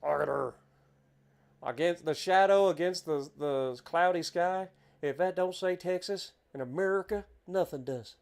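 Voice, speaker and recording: A man with an Appalachian accent giving chatty, excitable commentary while playing a driving game. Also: high voice, a little slow, vocal fry. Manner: chatty, easily excited, exclaims at scenery. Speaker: game streamer. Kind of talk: casual gameplay commentary.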